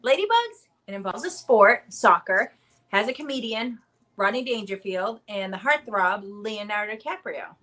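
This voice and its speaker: A woman in her thirties hosts a casual livestream, chatting and rambling with plenty of fillers. Her mid-range voice is bright and forceful, with lively intonation at a moderate pace.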